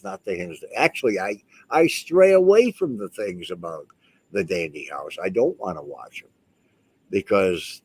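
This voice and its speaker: A man with a fairly low voice talks straight to the camera in a loose, rambling way. He leans hard on his points and keeps doubling back to restart his sentences. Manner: rambling and emphatic, with many restarts. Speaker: house owner and vlogger. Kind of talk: casual talk to camera.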